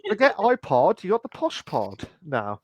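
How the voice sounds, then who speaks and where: A man's voice: sits high, huge pitch swings, normal speed, lo-fi sound. Playful man co-hosting a podcast. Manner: playful, teasing, says "to be fair" a lot. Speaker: co-host. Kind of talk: casual podcast chat.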